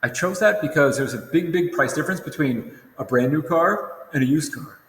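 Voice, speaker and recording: In a slightly high, fairly bright voice at a moderate pace, a tired young man yawns his way through a recorded lesson. He's casual and rambling, often correcting himself, and the sound has a roomy echo with long reverb.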